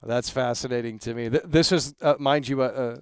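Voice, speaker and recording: This casual livestream host speaks a little fast at medium pitch, his tone clear and resonant on a dry recording. Hyping his audience with recurring catchphrases, he wanders through his views with frequent restarts and fillers.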